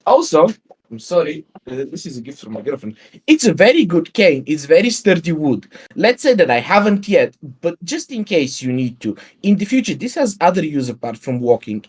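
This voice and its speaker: A man's voice: fairly high pitch, big pitch swings, moderate pace, a little mellow, breathy edge. A man, a guest on a livestream, ranting in a profane and sarcastic way in casual chat over a video call mic.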